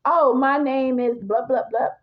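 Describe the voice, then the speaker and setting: Shrill jealous woman, put on by a woman storyteller, yapping and demanding, raised pitch, dull lo-fi sound. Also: fairly even intonation, measured pace. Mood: indignant. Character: angry jealous adult woman yelling at a door.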